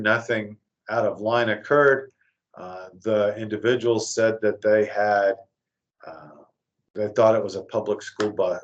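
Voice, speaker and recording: Man giving a warning talk, dull recording. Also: on the low side. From West Texas. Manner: earnest, warning tone with many fillers. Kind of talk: lecture-style talk.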